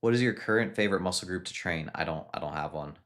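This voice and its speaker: A man with a very deep voice reads viewer questions off a live chat and answers each one in turn. He talks in a loose, unhurried way, often stopping and restarting a sentence before he gets it out. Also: a bit bright. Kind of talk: casual live-stream chat.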